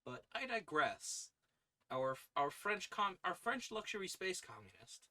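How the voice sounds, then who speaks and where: A man's voice: sits high, big pitch swings, a little slow, sharp tone. Playful man chatting to his cats. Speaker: podcast host reading old stories aloud. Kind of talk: casual chat on a live stream.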